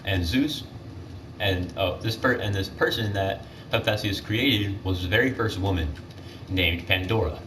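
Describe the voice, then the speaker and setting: A man's voice: low-pitched, measured pace. A teenage boy casually retelling myths while gaming, rambling with lots of fillers and self-corrections. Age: teens. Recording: distant mic with clear background noise.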